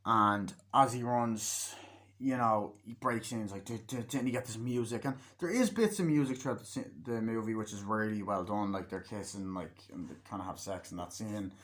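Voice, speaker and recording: A man's voice: lowish voice, normal speed, fairly bright tone. A man giving a casual, rambling film review, swearing freely and acting out scenes as he retells them. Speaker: movie reviewer.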